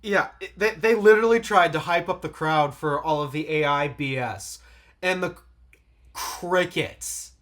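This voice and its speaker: A man's voice: fairly high pitch, unhurried, fairly bright tone. A man co-hosting a casual tech podcast, telling stories with lots of laughter and emphasis. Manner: laughs often, storytelling emphasis. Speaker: podcast co-host.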